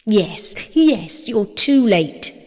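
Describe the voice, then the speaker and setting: A woman's voice: mid-range voice, sing-song, very slow, darkish tone, heavily acted. A woman voicing a possessive male king of the underworld who coaxes and gloats. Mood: gloating. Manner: coaxing, then gloating. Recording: long hall reverb.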